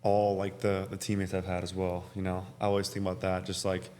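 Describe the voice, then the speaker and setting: Young male guest, low voice, relaxed, agreeable; slight hum behind. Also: a little fast. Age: young adult. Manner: easygoing, agreeable, lots of "yeah" and "like". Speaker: college basketball player, guest. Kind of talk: casual interview chat.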